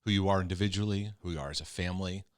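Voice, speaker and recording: A man hosting a podcast, talking casually in quick bursts, often repeating words as he thinks. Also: low voice, steady tone, no echo, clean studio sound. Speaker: podcast host. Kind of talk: casual conversation.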